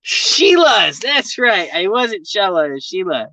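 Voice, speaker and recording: A man's voice: high-pitched, lively intonation, normal speed, bright, forceful tone, no room sound. A man chatting with viewers on a casual live stream, rambling, swearing freely and laughing often, talking from his vehicle. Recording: dull lo-fi stream audio.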